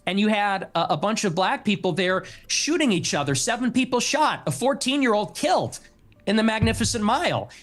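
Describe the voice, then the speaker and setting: A man's voice: high voice, lively intonation, fairly quick, a bit bright. A man from Chicago arguing on air, indignant and insistent. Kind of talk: heated on-air argument.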